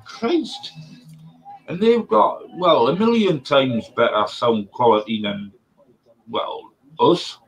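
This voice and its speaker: A man's voice: mid-range voice, slow pace, long pauses, rough recording. A man with a British accent in a casual group chat, telling stories in a meandering way.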